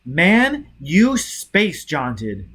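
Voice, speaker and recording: A man reading an audiobook, voicing a savage, cold male agent who talks in harsh, forceful, threatening bursts, a little raised in pitch and loud. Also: big pitch swings, a little slow, full character voice.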